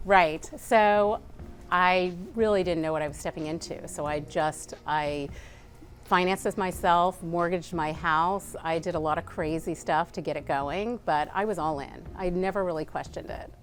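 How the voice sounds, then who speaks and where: A woman's voice: lowish voice, normal speed. A woman, founder of a food brand, talking earnestly as a guest in a TV interview and saying "like" often. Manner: earnest, chatty, says "like" often.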